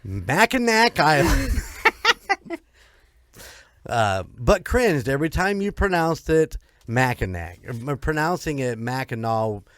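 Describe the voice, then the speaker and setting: A man's voice: a little high, very animated, slow pace, a bit bright, slight background noise. A man co-hosting a casual paranormal podcast, joking at his own expense and swearing now and then. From United States. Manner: self-deprecating, swears casually, laughs often. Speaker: podcast co-host.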